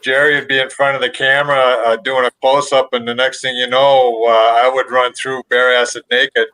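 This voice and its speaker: A man's voice: mid-range voice, flat delivery, normal speed, sharp tone, clean tone, poor audio. A man in his sixties, a panel guest on a video call, telling stories in a laid-back way full of "you know" fillers. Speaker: panel guest, former cast member. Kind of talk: casual storytelling on a video call.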